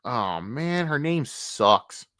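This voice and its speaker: A streamer ranting on a live stream, cursing constantly, dropping to low mutters and then bursting out loud, and often repeating the same phrase several times. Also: sing-song, very slow, dry recording, studio quality. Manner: profane, swings between low muttering and loud outbursts.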